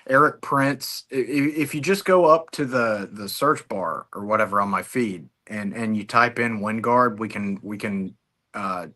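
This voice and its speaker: Crude, low-voiced man guest, bright tone. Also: a little slow. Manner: crude, laughing, conversational. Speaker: guest investigator. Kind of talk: casual interview chat.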